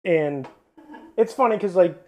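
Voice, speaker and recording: A man's voice: high-pitched, expressive, measured pace, dark tone. A young man talking bluntly and swearing in a casual podcast chat. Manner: blunt, profane, emphatic. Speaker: podcast guest.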